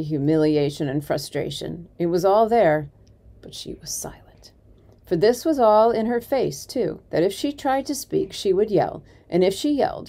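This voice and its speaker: A woman reading a children's chapter book aloud, her voice low and mellow. She tells the story expressively, dipping soft now and then for effect. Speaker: community volunteer reader.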